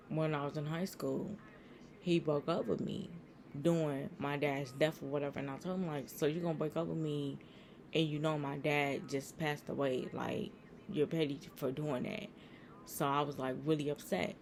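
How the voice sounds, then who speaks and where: Gravelly young woman telling a story. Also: deep voice, a little mellow, slight background noise. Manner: rambling, repeats herself, quotes others in dialogue. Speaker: vlogger. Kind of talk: personal storytelling to viewers.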